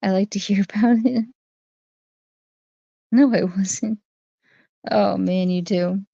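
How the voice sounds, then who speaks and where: A woman's voice: medium pitch, fairly even intonation, slow, gravelly, mellow, no echo. A woman hosting a casual livestream, talking through her viewers' chat comments one by one. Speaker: livestream host. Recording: dry, dull lo-fi stream audio.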